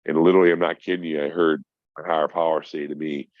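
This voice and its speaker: A man's voice: a bass voice, level tone, quick pace, no room sound. A middle-aged man, stoned, telling a rambling, profane story in casual chat as a podcast guest. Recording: dull lo-fi sound.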